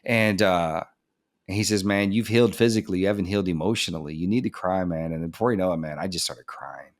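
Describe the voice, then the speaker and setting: A man's voice: deep voice, fast talker. Man telling a vivid personal story. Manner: animated, acts out quoted dialogue, laughs at himself; goes soft and subdued when telling the emotional part. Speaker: podcast guest. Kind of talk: candid storytelling in a podcast interview.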